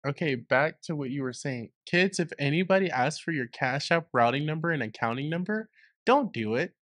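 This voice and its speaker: A man's voice: on the high side, lively intonation, normal speed, a bit bright. A young man co-hosts a casual podcast, dropping blunt, joking asides. The recording is dry and close, with no room echo. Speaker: podcast co-host. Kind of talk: casual chat.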